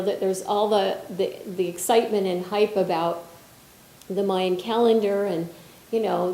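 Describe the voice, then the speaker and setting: A woman leading a spiritual healing workshop, talking in an animated, conversational way with frequent restarts. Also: medium pitch, vocal fry. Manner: animated and expressive, with frequent restarts and filler phrases. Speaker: workshop leader and spiritual healer. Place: conference hall. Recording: roomy conference hall echo.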